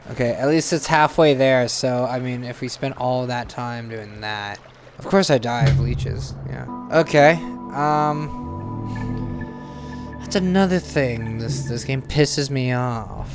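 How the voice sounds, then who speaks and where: Tense, cursing young man playing a game. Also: mid-range voice. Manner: tense, swearing, jumpy outbursts. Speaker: gaming channel host. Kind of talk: casual gameplay commentary.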